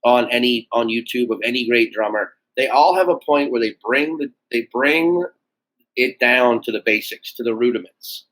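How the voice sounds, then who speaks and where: A man in a casual podcast interview, an animated storyteller who swears freely and acts out quoted voices. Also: mid-range voice, moderate pace, low-quality recording. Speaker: guest comedian.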